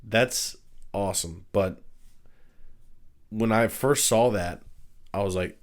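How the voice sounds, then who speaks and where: A man co-hosting a podcast, chatting casually about a film, laid-back and agreeable, often chiming in with quick agreement and swearing. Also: on the low side. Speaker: podcast co-host. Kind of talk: casual film review chat.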